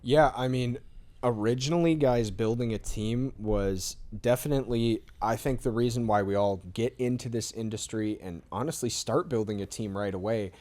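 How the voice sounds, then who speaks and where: A man's voice: fairly low pitch, darkish tone. A man being interviewed about his sales work, talking in a casual, upbeat way and explaining with everyday examples. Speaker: insurance sales rep, guest.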